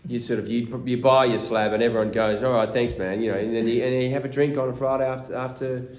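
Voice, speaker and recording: A man with an Australian accent, an actor telling casual behind-the-scenes anecdotes to fans at a convention meet-and-greet, animated and full of restarts. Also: mid-range voice, fast. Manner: animated storyteller, acts out quotes, many restarts. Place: small room at a fan convention. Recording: echoey room.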